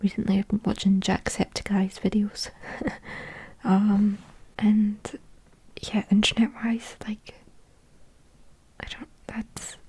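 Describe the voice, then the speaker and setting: A young woman whispering a soft, musing ASMR ramble into a close microphone, thinking aloud with lots of fillers. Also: medium pitch, husky, no echo. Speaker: ASMR creator.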